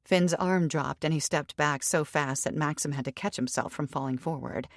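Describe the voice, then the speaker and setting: A woman narrating an audiobook with even, steady storytelling on a close studio mic. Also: low voice, moderate pace, no room sound. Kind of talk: scripted narration.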